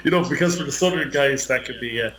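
A man's voice: mid-range voice, quick pace, a crowd in the background, poor audio. A man from Ireland with an Irish accent, chatting casually on a podcast, rambling and joking with frequent restarts. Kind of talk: casual chat.

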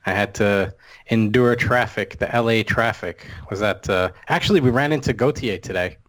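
A man's voice: on the low side, normal speed. Man chatting casually on a tech podcast. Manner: chatty, laughs easily. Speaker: podcast co-host.

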